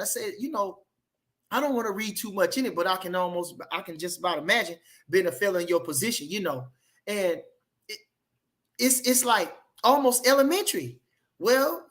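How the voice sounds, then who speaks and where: A man's voice: high voice, a bit bright. A man in casual opinion talk on boxing, emphatic, repeating phrases and firing off rhetorical questions. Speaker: boxing commentator.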